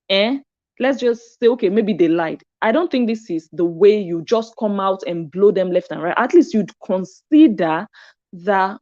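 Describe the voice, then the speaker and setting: A woman's voice: fairly high pitch, darkish tone, dull audio. Chatty woman commenting on gossip. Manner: chatty and reflective, with frequent "hmm" reactions. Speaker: commentary vlogger. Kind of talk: casual commentary.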